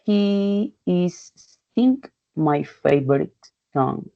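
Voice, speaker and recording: Woman, low-pitched and very slow, halting pronunciation drill, muffled lo-fi audio. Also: expressive, gravelly. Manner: halting, repeats words and sounds one by one. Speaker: English learner presenting a pronunciation task. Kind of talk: slow, careful pronunciation practice with example sentences.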